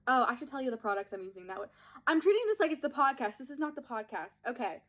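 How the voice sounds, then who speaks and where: A young woman who hosts a podcast films herself on a propped-up phone while doing her makeup at home, chatting and giggling through self-mocking stories. Her voice sits high and bright, swings widely in pitch, and moves fast.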